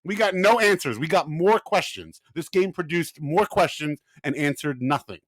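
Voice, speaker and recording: A man's voice: on the high side, lively intonation, moderate pace, fairly bright tone, no echo. A man co-hosting a casual sports podcast, grumbling in a wry, exasperated way. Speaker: podcast co-host.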